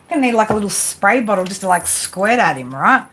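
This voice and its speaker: A woman's voice: medium pitch, very animated, fast talker, fairly bright tone. A woman doing live tarot readings, chatty and rambling, often restarting her sentences. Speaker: tarot reader.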